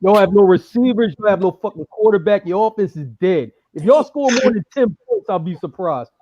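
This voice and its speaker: A man's voice: high-pitched, lively intonation, a little fast, muffled recording, very noisy. A man on a casual sports podcast trash-talking a rival team in a cocky, profane way.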